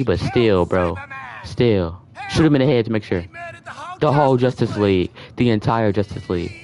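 A man streaming a video game, reacting in excitable, joking, rambling casual commentary. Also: lowish voice, moderate pace. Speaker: gaming streamer.

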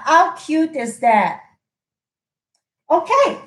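A woman's voice: high-pitched, expressive, a little slow. A woman hosting a live-streamed stamping craft chat. She talks in a gushing, chatty way with loose phrasing. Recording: echoey room.

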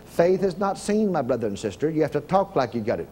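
Fervent older preacher. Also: male voice, on the high side, big pitch swings, fast, hardly any pauses, slight background noise. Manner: fervent, preaching in surges, shouting commands, folksy grammar. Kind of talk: sermon.

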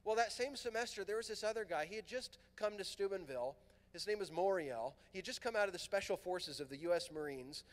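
A middle-aged man from Southern California telling a lively personal story at a youth conference, acting out the voices in his dialogue. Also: high voice, fairly quick. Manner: animated, acts out quoted dialogue. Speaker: priest and conference speaker. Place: large fieldhouse hall. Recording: long hall reverb.

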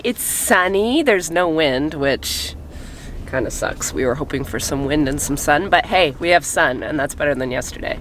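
Out doing farm chores, a woman vlogger talks casually into a handheld camera, her deep voice fairly bright in tone. The outdoor farm sounds come through clearly.

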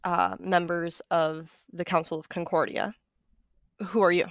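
A woman's voice: on the low side, flat delivery, measured pace, no room sound, lo-fi sound. A woman player speaking in character during a tabletop game, polite and plain. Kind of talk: tabletop role-play.

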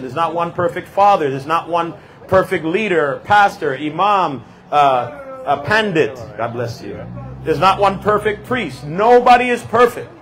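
A man with a high voice preaching in the open air. He builds his points through fervent repetition and rhythmic stress, speaking into a handheld microphone on a city street. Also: fairly bright tone, low-quality recording. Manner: impassioned, repetitive, rhythmic emphasis.

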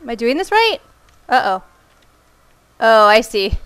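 High-voiced woman narrating her gameplay. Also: very animated, measured pace, fairly bright tone, clean tone. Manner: reactive, exclaiming and muttering to herself. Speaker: gamer. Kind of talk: let's play commentary.

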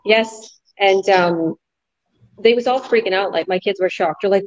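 A woman and mother, a business coach hosting a casual group chat, who tells stories with lively energy and acts out her kids' voices. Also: mid-range voice, unhurried, dry recording, highs cut off. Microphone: video call.

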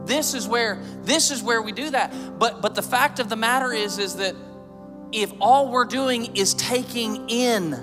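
A man's voice: very high-pitched, unhurried, long reverb tail, over music. A man in his thirties preaching a sermon in a church, joking and conversational, building to emphatic points. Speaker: pastor. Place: church sanctuary.

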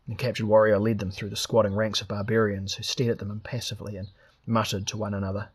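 A man reading a fantasy novel aloud as steady, scripted narration. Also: on the low side, fast, slightly rough. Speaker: audiobook reader.

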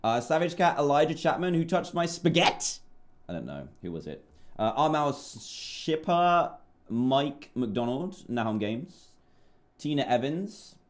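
A man's voice: fairly high pitch, very animated, a little slow. Chatty British man streaming a game. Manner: chatty, reads out donor names, apologetic. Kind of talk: live game stream commentary.

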